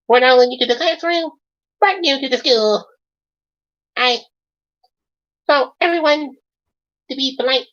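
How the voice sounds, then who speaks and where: A man voicing a kind, polite female schoolteacher who gently coaxes her class along. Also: extremely high pitch, highs cut off, pitched above the performer's own voice. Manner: coaxing, gently instructive. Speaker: storyteller voicing a character.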